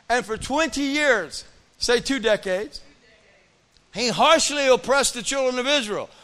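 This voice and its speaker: A man preaching a sermon as pastor, telling a story with acted-out dialogue and repeatedly calling on his congregation to answer. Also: very high voice. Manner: animated preaching with audience call-outs; acts out quoted dialogue in storytelling.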